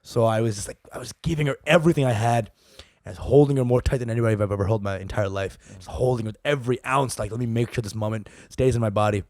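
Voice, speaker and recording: A young man, a podcast co-host, telling a story in an animated, profane way and laughing as he goes. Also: mid-range voice, quick pace, no echo, studio quality. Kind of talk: comedic storytelling.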